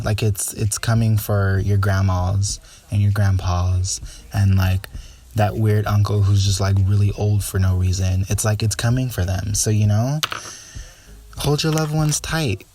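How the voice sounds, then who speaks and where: A young man chats alone on his podcast in a sassy, gossipy monologue. His voice sits fairly low and sounds warm and relaxed, and he fills his talk with lots of filler words. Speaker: podcast host. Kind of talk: casual solo podcast monologue.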